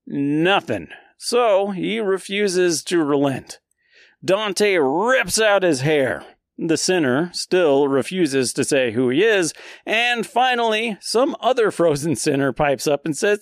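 A man hosting a podcast, retelling a classic poem in a casual, jokey way and dropping into quick silly voices for the characters. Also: high voice, expressive, no room sound, studio quality. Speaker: podcast host.

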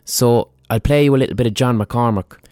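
A man's voice: medium pitch, brisk, darkish tone, no echo, clean studio sound. A man hosting a history podcast, telling it in a chatty, digressive way with plenty of swearing. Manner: chatty, profane, digressive storytelling. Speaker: podcast host. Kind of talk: casual history podcast monologue.

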